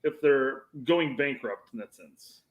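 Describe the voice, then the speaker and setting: A man co-hosting a casual soccer podcast, talking in halting bursts and repeating words. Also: medium pitch, narrow, tinny audio. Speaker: podcast co-host. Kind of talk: casual sports chat. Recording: echoey room.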